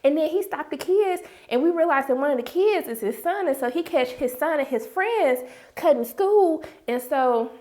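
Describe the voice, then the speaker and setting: High-voiced woman recapping a show. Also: normal speed. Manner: animated, exasperated, slangy. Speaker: TV episode reviewer. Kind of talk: casual episode recap.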